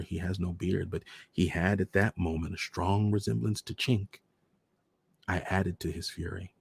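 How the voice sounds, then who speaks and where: A man reading a short story aloud as the host of a storytime show, measured and deliberate. His voice is very deep, with a gravelly fry and a husky edge.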